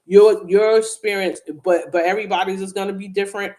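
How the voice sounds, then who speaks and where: A woman's voice: medium pitch, fairly even intonation, a little fast, darkish tone. A woman hosting a livestream, talking candidly and earnestly to viewers, with frequent restarts. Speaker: livestream host. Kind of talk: casual livestream chat.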